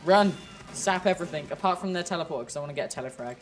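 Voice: mid-range voice, rapid-fire, faint music behind. A gamer chatting casually during play with a friend, playful and teasing, often laughing. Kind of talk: casual gameplay chat.

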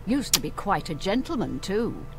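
A woman's voice: mid-range voice, big pitch swings, normal speed, a bit bright. A woman voicing a chatty, disapproving innkeeper in a video game who confides gossip about a guest. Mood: gossipy. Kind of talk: game character dialogue. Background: game music.

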